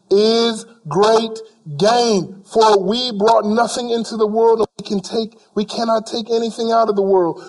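A man a sermon in a strikingly high voice. He hammers points home by repeating lines and slips into casual speech as he acts out everyday people. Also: darkish tone. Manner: emphatic, repeats phrases for emphasis, voices imagined people. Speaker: preacher.

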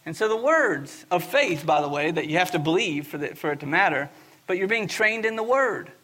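A male pastor preaching a sermon in an earnest, emphatic manner, often slowing down to stress key points. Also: high voice, animated, bright, forceful tone.

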